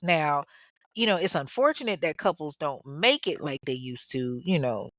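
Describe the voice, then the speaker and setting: A woman's voice: low-pitched, lively intonation, moderate pace, fairly bright tone, no room sound. A woman podcast host telling a true-crime story in a casual, candid way, with profane, chatty asides to her listeners.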